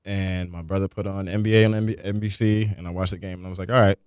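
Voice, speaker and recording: Low smooth guy from panama, laid back, lots of "yeah yeah yeah", dry studio sound. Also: fast talker, no echo. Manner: relaxed, lots of fillers and repeated yeahs. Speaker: guest, former pro basketball player. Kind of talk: casual radio interview.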